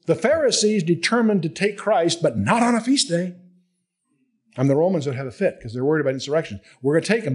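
An older male Bible teacher with a fairly high, slightly husky voice. He works through the verses in a relaxed, conversational way and acts out the scenes. His pitch swings widely as he talks.

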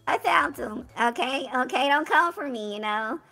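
A brash, flirty woman with a high, bright voice that leaps all over the place. She teases in a mock-domineering way and breaks into sing-song chants, with faint music underneath. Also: lively intonation, measured pace, gravelly. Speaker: guest VTuber. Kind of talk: playful teasing banter.

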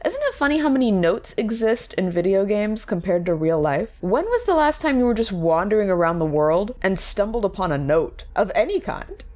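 A woman's voice: mid-range voice, darkish tone. A young woman giving casual, sarcastic commentary while playing horror games. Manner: chatty, sarcastic, playful. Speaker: horror game streamer.

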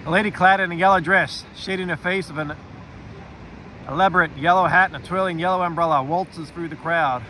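A man reading a first-person fantasy audiobook in an expressive storytelling way, dropping to a quiet aside for the narrator's inner thoughts. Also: on the high side, a little hiss or hum, low-quality recording.

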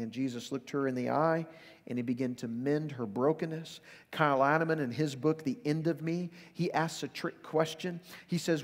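A man preaching a sermon as pastor, earnest, dropping soft for quoted lines and building to urgent appeals. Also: mid-range voice. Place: church sanctuary. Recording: long reverb of a large hall.

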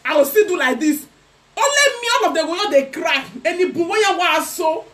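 A young Nigerian woman with a very high voice rants through gossip commentary. She taunts her targets in a sing-song way and keeps dropping into mocking laughter. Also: fairly quick, fairly bright tone. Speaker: gossip vlogger.

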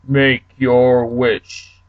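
A man voicing a solemn genie who grants wishes slowly. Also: medium pitch, little pitch movement, lo-fi sound.

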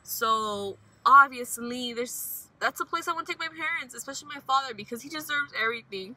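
A woman's voice: high-pitched, expressive, a little fast, sharp tone, poor audio. A young woman vlogging casually from her car, talking emotionally and rambling, swinging between upbeat and frustrated. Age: young adult. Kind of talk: casual vlog while driving.

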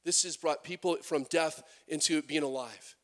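A man preaching a sermon as pastor, animated, with many restarts and acted-out quotes. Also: a little high, moderate pace.

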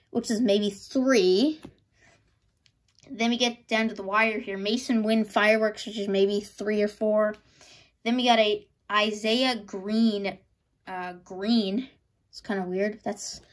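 A woman hosting a casual card-opening video, excitable and stammering, breaking into squeals. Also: a little high. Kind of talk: casual pack-opening commentary.

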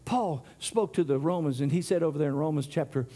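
A man with a notably high voice preaches to his congregation in church. He delivers the sermon with passion, building up loud and urgent, then dropping low and soft, and he often stumbles and repeats words as he goes. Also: fairly quick. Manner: impassioned, rises and falls, stumbles and repeats.

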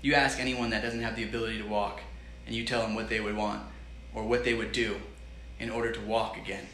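A man's voice: on the low side, flat delivery, fast talker, fairly bright tone, echoey room, a little hiss or hum. A man hosting a live cooking stream, chatting with viewers and giving an enthusiastic, repetitive motivational pep talk. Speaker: healthy-cooking livestream host.

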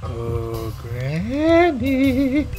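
A man casually playing a video game, trash-talking and shouting profanity at a game character. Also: very high-pitched, wildly swooping pitch, extremely slow, faint music behind. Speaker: gamer playing the grandson. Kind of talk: casual gaming banter.

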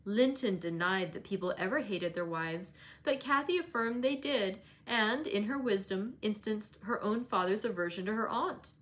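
A woman reading a classic novel aloud in a steady voice, now and then correcting herself. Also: mid-range voice, normal speed, hardly any pauses. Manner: steady, with occasional self-corrections. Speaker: read-aloud reader.

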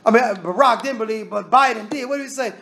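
A man's voice: very high voice, fast talker, creaky, pushed and bright. A man teaching a Bible study. He reads scripture aloud and explains it in plain, casual talk. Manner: casual Southern American grammar.

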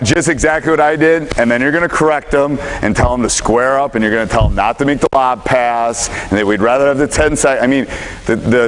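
A male basketball coach talks his players through a full-court drill, mixing short, brisk commands with explanations at a middling pitch. Faint background noise and bouncing balls sit under his voice in the gym. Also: rough recording. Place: gym during practice.

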